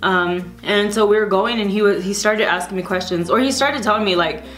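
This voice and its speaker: A woman's voice: mid-range voice, a little fast, fairly bright tone, faint music behind. A young woman vlogger casually telling a storytime to camera, rambling with lots of fillers.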